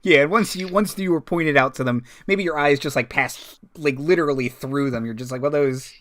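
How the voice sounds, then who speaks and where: A man running a tabletop game as dungeon master, narrating hesitantly with many pauses and fillers. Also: a little high, fairly bright tone. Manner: hesitant, many ums and uhs, laughs often.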